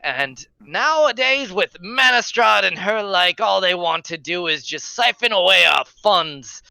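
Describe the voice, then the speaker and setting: A man's voice: high voice, expressive, unhurried, creaky, bright, forceful tone, dry recording, pitched above the performer's own voice, exaggerated voice. A man voicing a drunk, belligerent middle-aged male guard with slurred speech and a boastful, sneering manner. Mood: ranting.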